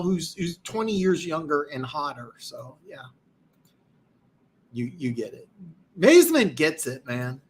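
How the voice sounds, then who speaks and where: A man hosts a live football stream, reading comments and rambling boastfully with many restarts, sounding tired and losing his voice. His voice sits on the high side, with big pitch swings and a measured pace.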